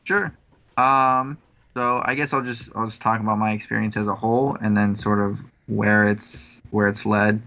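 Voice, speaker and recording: A man's voice: on the low side, flat delivery, moderate pace, bright, forceful tone, lo-fi sound. A man co-hosting a podcast, chatting casually and rambling with lots of filler words. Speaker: podcast co-host. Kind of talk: casual chat.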